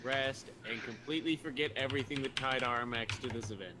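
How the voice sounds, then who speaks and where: A man's voice: mid-range voice, quick pace, background noise. A man playing in a tabletop game, making wry in-character quips. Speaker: player.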